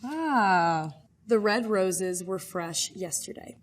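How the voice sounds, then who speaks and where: A woman's voice: mid-range voice, unhurried, slight background noise. A bilingual woman reading cue cards aloud and hesitantly explaining a pronunciation tip in casual talk. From half French, bilingual. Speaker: guest demonstrating a skill.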